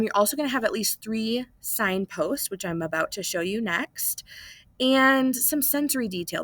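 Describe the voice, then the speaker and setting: A woman's voice: medium pitch, fairly bright tone, no room sound. A woman teacher talking students through a writing lesson in a casual, explanatory way, often checking in with "okay?" and "right?", recorded on a computer mic.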